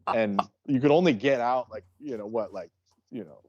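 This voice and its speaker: A man's voice: medium pitch, normal speed, mellow, no echo, highs cut off. A man co-hosting a casual podcast chat, rambling through stories with many fillers. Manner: rambling, full of "you know" and "like" fillers. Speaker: co-host.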